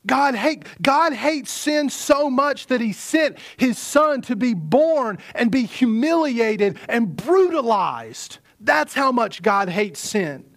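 Male pastor, sermon delivery, higher voice, unhurried, repeats lines for emphasis, dips to near whispers. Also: big pitch swings, fairly bright tone. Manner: earnest preaching, repeats phrases for emphasis, drops to near whispers.

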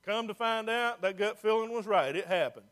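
A man preaching a sermon as pastor, folksy and plain-spoken, dropping to a hush and rising to loud emphasis. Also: high voice, normal speed. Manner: swings from hushed to loud and emphatic.

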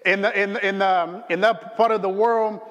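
A man's voice: sits high, fairly even intonation, normal speed, a bit bright, big-room sound, highs cut off. A man preaching a sermon in a church, telling stories in a chatty way with many fillers and restarts. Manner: conversational storytelling with frequent fillers and restarts. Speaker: pastor.

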